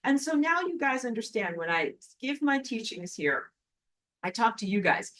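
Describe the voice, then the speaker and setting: A woman teaching a recorded online spiritual lesson and answering viewer comments, emphatic and animated, repeating words for stress. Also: a little high, normal speed, poor audio.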